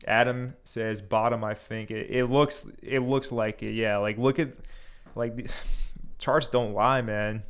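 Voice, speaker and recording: A man's voice: medium pitch, fairly even intonation, a little slow, smooth. Casual man hosting a livestream. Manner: loose, conversational, reads viewer comments aloud, frequent fillers. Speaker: crypto livestream host.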